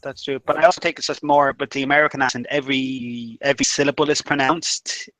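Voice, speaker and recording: A man chatting on a livestream with a wry, self-deprecating edge. His voice sits at a middle pitch. The sound is dry and close, with no room echo. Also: flat delivery, quick pace, a bit bright. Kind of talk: casual chat.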